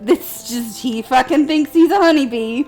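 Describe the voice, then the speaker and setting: A woman's voice: high-pitched, normal speed, darkish tone, soft background music. A woman co-hosting a casual gaming chat, rambling through a story and laughing often. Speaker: let's play co-host.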